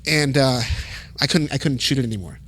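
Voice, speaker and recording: A middle-aged man from El Paso, a music photographer, telling stories as a podcast guest in a casual, profane, animated way. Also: mid-range voice, brisk, no room sound. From El Paso, Texas. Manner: profane, animated storytelling with acted quotes. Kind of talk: casual storytelling.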